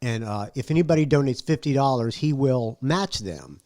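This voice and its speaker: A man hosting a podcast in casual chat, low-key and dry-humored. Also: animated, normal speed, mellow, dry recording. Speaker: podcast host.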